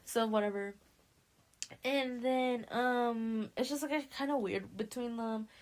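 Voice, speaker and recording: A woman's voice: fairly high pitch, unhurried, slight background noise. A young woman hosting a podcast, casually recapping a novel in slangy speech and acting out the characters' lines. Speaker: podcast host.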